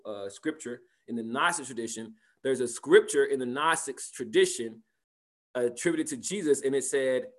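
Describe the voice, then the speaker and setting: A man's voice: medium pitch, a bit bright. A man teaching a spiritual class and answering participants' questions, talking conversationally, repeating phrases and asking "right?".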